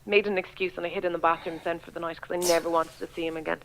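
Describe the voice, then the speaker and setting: A woman's voice: on the low side, racing, a crowd in the background, poor audio. A young Irish woman, a radio DJ, chatting as a guest and telling embarrassing stories, acting out her own lines with a lot of life. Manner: animated storyteller, acts out her own quotes. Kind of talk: casual chat, telling funny stories.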